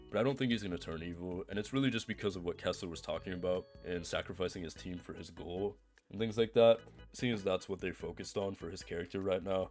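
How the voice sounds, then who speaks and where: Casual, swearing young man with a low voice. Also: a little mellow. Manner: rambling, profane, self-interrupting. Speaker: TV commentator. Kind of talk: casual spoken commentary.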